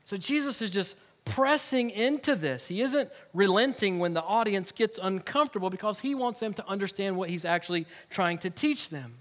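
A man's voice: high voice, lively intonation, moderate pace, hardly any pauses, a bit bright. A male pastor preaching a sermon in a conversational way, with humorous asides and emphatic repeated words.

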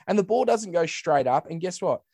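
A man's voice: high-pitched, expressive, a little fast, vocal fry, mellow, no room sound, studio quality. An Australian man in casual podcast chat, ranting bluntly with swearing and mimicking others. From Western Australia.

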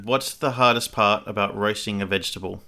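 A man chatting casually as a podcast co-host, joking and animated. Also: fairly low pitch, fairly quick, creaky. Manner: joking, animated, slips into silly put-on voices. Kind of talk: casual chat.

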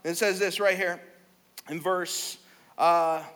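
Bright-voiced male pastor in an echoing hall. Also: sits high, slow pace. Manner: energetic, conversational, with casual fillers. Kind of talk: sermon.

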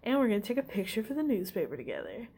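A woman's voice: on the high side, big pitch swings, rapid-fire, warm tone, breathy edge, full character voice. A woman voicing a vain, self-adoring male wizard professor who gushes about himself. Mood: smug, gushing.

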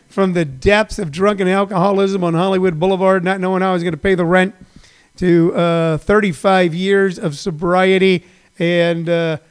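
This man in his sixties, a comedian with his own daily online show, has a smooth, high-pitched voice with a steady tone at a moderate pace. He rambles through a livestream monologue, repetitive and full of fillers, yet folksy and encouraging.

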